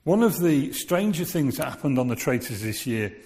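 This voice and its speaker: A man's voice: medium pitch, big pitch swings, moderate pace, a little mellow. A man giving a sermon in a conversational way, asking his listeners rhetorical questions. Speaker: preacher. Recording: long reverb of a large hall.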